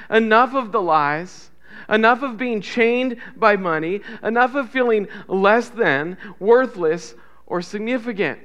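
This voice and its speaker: Smooth high-voiced preaching man. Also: animated, measured pace, lo-fi sound. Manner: builds to loud emphatic repetition, drops to soft near-whispers; leads congregation in call-and-response. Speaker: pastor. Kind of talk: sermon.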